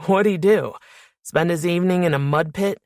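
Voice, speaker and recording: A woman's voice: lowish voice, moderate pace, darkish tone, dry recording, studio quality, natural voice. A woman reading an audiobook, voicing a cocky, teasing young man who jokes and shows off. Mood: joking. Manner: teasing, showy, puts on a mock English accent. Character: cocky joking young man, head of security.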